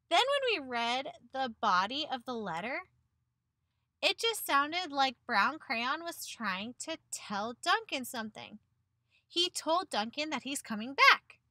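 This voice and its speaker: A woman's voice: high voice, pushed and bright, no room sound. A woman teacher giving a picture-book read-aloud lesson to children, encouraging them and asking questions that she answers herself.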